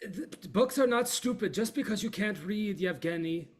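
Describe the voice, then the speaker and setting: A man voicing a stern, protective female companion in a raised, higher voice. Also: animated, moderate pace. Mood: scolding.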